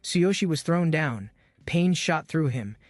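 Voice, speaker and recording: A man's voice: fairly high pitch, lively intonation, a little slow, no echo, studio quality. A man giving scripted, dramatic narration of a comic-book recap.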